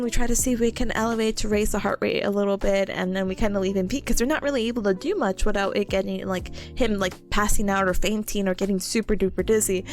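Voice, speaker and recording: A young woman from New York chatting casually on a stream, telling a story in a rambling, giggly way. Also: fairly high pitch.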